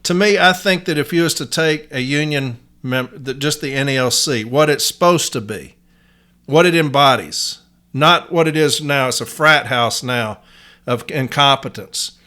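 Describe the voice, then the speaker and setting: A man's voice: mid-range voice, moderate pace, pushed and bright. A man from Nashville, Tennessee, with a Southern accent, hosting a podcast in a blunt, folksy monologue. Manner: blunt, folksy, uses y'all. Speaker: podcast host.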